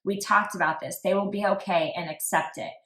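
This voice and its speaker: Speaking a little fast at a medium pitch, a woman hosting a true crime podcast keeps things conversational. Text messages she reads get a flat delivery peppered with frequent "like" asides, and the recording has a roomy echo.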